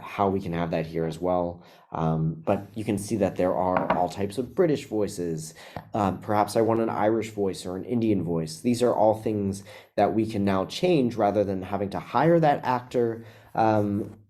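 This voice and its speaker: A man gives a casual live webinar walkthrough of video software. His voice is low and mellow. He speaks in a relaxed way, filling pauses with ums and uhs. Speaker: webinar presenter.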